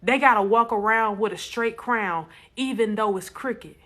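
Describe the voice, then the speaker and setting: A woman's voice: on the high side, moderate pace, pushed and bright. A woman speaking bluntly and emphatically to viewers in a casual live stream, repeating lines for stress. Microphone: phone.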